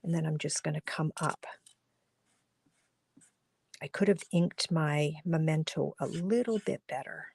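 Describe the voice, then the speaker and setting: A woman's voice: sits low, measured pace, long pauses, a little mellow, breathy edge, no echo. A woman hosting a live-streamed card-making class from her home studio, chatting and explaining as she colors, and losing her voice. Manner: chatty and instructive, talking while coloring, often drops to a murmur. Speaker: crafting class host. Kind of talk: live-streamed craft demonstration.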